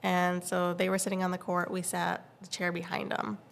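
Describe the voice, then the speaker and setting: A woman in her thirties tells a story in a casual podcast chat, her voice carrying a gravelly fry. She gets animated as she goes and acts out the lines of the people she met. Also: lowish voice, moderate pace. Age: 30s. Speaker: podcast co-host.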